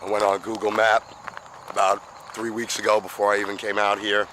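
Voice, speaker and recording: A man's voice: lowish voice, flat delivery, fairly quick, bright, forceful tone, a little hiss or hum, rough recording. A man in his fifties talking casually while walking outdoors on a seaside boardwalk, a little out of breath, rambling in an easygoing way. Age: 50s. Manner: rambling, self-chatting, easygoing. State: slightly out of breath. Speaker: vlogger.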